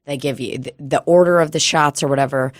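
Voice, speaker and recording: A woman co-hosting a podcast, telling stories in a casual, profane, animated way. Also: a bass voice, a little fast, dry recording, clean studio sound. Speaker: podcast co-host. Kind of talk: casual chat.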